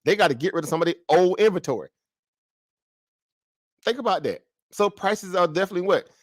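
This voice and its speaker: A man's voice: sits high, fairly quick, dry recording, clean studio sound. A man giving casual stock market commentary, asking himself rhetorical questions and talking in slang. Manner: rhetorical questions, slangy and animated, mimics traders.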